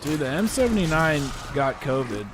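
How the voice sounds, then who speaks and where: A young American man with a fairly high voice, rambling through casual chat as a gaming podcast host. He talks loosely and laughs often, with faint noise behind him. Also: big pitch swings, normal speed. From United States. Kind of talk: casual chat while playing a game.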